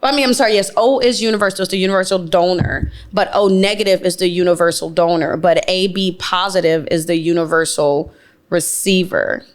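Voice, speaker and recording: A woman's voice: fairly low pitch, a little fast. Joking, teasing woman podcast co-host. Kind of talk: casual chat.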